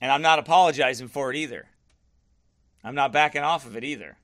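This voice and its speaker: Speaking fast in a medium-pitched, fairly bright voice, a man leads a livestream as a pastor. He pushes back firmly on viewer comments, sounding defensive and repeating his points for emphasis.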